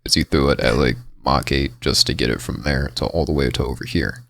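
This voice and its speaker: A man's voice: very deep voice, brisk, gravelly, dry recording, clean studio sound. A man co-hosting a podcast, telling rambling stories in casual banter. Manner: rambling, animated storyteller. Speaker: podcast co-host.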